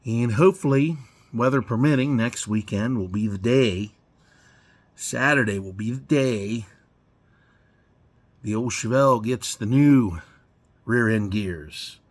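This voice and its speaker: A man in his forties talks slowly and loosely in his home garage, dropping curses and small chuckles. His voice sits at an ordinary middle pitch with an easygoing, unhurried drift. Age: 40s. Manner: rambling, swears often, chuckles. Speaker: garage vlogger. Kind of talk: casual rambling vlog.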